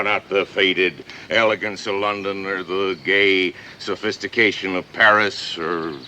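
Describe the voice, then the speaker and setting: A man's voice: low voice, pushed and bright, a little hiss or hum, full character voice. An actor playing a brash, boastful TV showman in a 1950s film, talking in a bombastic, domineering way. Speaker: TV broadcaster on safari.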